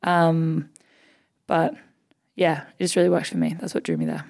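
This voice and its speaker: A woman's voice: low-pitched, sing-song, normal speed, vocal fry, a little mellow. A young Australian woman in her twenties, a basketball player chatting as a podcast guest, telling stories in an upbeat way with lots of "like" and "um". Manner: chatty, upbeat storyteller with frequent "like" and "um". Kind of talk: casual interview chat.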